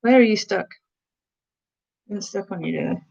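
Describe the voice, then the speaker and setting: A woman's voice: mid-range voice, normal speed, gravelly, a little mellow. Woman streamer from the Black Country, chatty, answers chat between bits of giantess role-play, muffled lo-fi sound. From Black Country, England. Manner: chatty, answering viewers' comments. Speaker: ASMR streamer.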